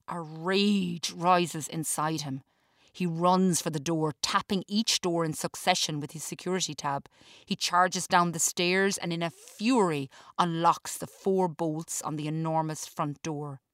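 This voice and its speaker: Low, even woman reading a story. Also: measured pace, dry recording, studio quality. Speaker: author reading her story. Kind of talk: scripted storytelling narration.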